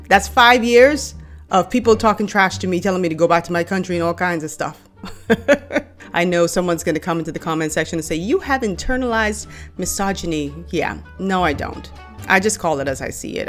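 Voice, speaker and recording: A Bahamian woman in her thirties who talks bluntly and with animation straight to her viewers. Her voice sits a little low. Faint music plays underneath. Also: fairly quick. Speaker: vlogger. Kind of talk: casual opinion vlog.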